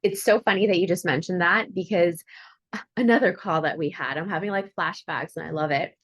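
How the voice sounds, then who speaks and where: A woman's voice: fairly low pitch, fairly quick. A woman hosts a casual podcast interview with a bubbly, chatty energy. She laughs easily and slips into playful acted-out quotes as she talks. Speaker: podcast host.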